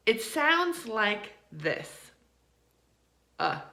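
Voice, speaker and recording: An American woman teaching English pronunciation in an online lesson, speaking deliberately and drawing out example words. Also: medium pitch, very animated, bright, forceful tone. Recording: roomy echo.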